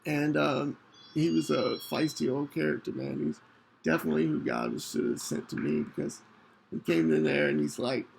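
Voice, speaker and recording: A man with a deeply gravelly, fried voice tells a personal story on his podcast. His pitch swings in a lively way, a little above the usual male range, and he speaks earnestly with frequent restarts. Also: a little hiss or hum, poor audio. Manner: earnest, halting, with many restarts. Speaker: podcast host.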